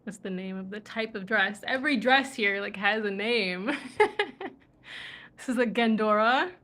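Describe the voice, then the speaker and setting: Indoors in Morocco, a woman from the USA runs a livestream in a bright, forceful voice at medium pitch, unhurried. She reads viewer comments in a casual chat, laughing frequently despite being tired from travel.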